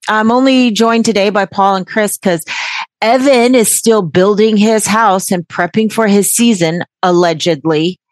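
A woman's voice: medium pitch, measured pace, no room sound. Brash, swearing woman podcast host. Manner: brash, jokey, swears freely with sarcastic asides. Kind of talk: casual podcast chat.

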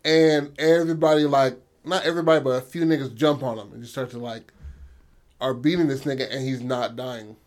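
A young man co-hosting, pitching movie plot ideas in casual, crude chat and often asking his partner for agreement. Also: steady tone, a little fast. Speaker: co-host brainstorming a story.

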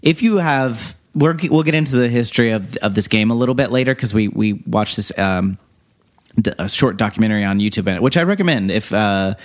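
A man's voice: lowish voice, fairly quick. A man in his thirties co-hosting a podcast, talking in a laid-back way and laughing easily. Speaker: podcast co-host. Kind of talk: casual chat.

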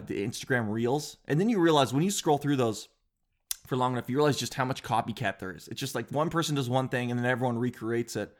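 Rambling man telling a funny story. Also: mid-range voice. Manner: rambling, animated, with filler words and self-interruptions. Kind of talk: casual comedic storytelling.

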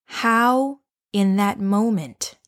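A woman coach telling a personal story and guiding listeners to reflect, speaking softly and slowly and often dropping to a whisper. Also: mid-range voice.

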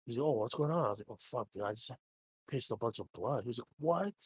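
A man's voice: mid-range voice, animated, quick pace, husky, no room sound. Casual young man, dry close sound. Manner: rambling, swears freely, acts out both sides of dialogue. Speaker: podcast co-host. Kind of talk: casual podcast chat.

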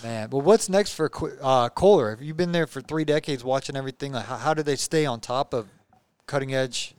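A man's voice: mid-range voice, a little fast, a little mellow, clean tone, no echo. A man hosting a casual interview, chatty and upbeat, firing off friendly questions. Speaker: host.

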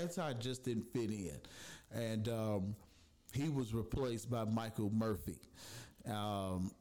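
A man's voice: fairly low pitch, mellow. A man casually telling the story of how his podcast started, chatty and loose, with fillers and voiced asides. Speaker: podcast host.

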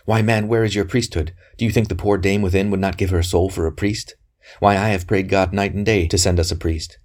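A wary old physician from a storybook reading, terse and secretive, with a quick scornful edge, voiced by a deep-toned male narrator. His voice sits low and close to the reader's own. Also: fairly even intonation, darkish tone. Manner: terse, suspicious, flaring into scorn. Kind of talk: audiobook character reading.

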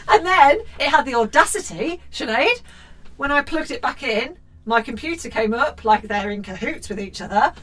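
A woman's voice: high-pitched, lively intonation, normal speed, fairly bright tone. A young woman co-hosting a podcast, telling a rant-filled story with lots of swearing and animation. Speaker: podcast co-host. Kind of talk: casual chat.

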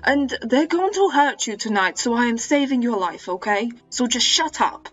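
A woman's voice: a little high, expressive, moderate pace, breathy edge, faint music behind. A woman player talking in character in a tabletop game, in a pushy, insistent way. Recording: dull lo-fi audio.

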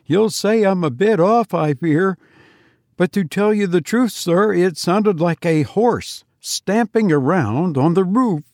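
A man's voice: sits high, animated, slow pace, darkish tone, no room sound, studio quality, pitched above the performer's own voice, exaggerated voice. A man voicing a nervous, apologetic male servant in a spoken story. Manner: nervous, deferential.

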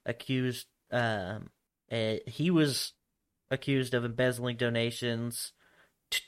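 A young man chats loosely on a podcast, swearing freely and laughing between his rambling thoughts. His voice sits at an ordinary middle pitch. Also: fairly even intonation, slow pace, smooth. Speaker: podcast co-host. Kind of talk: casual chat.

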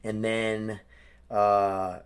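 A man's voice: fairly low pitch, little pitch movement, extremely slow, smooth. A man in his twenties hosting a solo podcast, rambling and swearing, emotionally worn down. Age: 20s. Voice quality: rambling, swearing, restarts sentences. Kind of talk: casual solo podcast rant.

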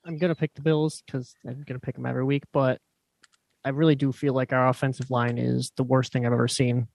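Gravelly man giving blunt football picks. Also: mid-range voice, flat delivery, brisk, darkish tone, no room sound. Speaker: podcast co-host. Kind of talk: casual sports chat.

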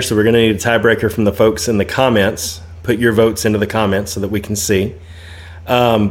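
A man co-hosting a casual talk show, easygoing and quick to laugh. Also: lowish voice. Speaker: co-host. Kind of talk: casual chat.

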